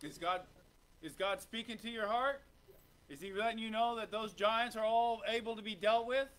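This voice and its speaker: A male pastor preaching with fervent call-and-response energy, firing questions at the congregation. His voice sits high and sounds bright and forceful. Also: steady tone, moderate pace. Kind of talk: sermon. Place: church sanctuary.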